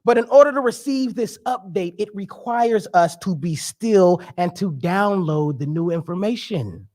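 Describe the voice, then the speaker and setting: A man's voice: sits high, expressive, measured pace, a little mellow. A young man giving a sermon as a guest speaker, conversational and joking, with emphatic preaching.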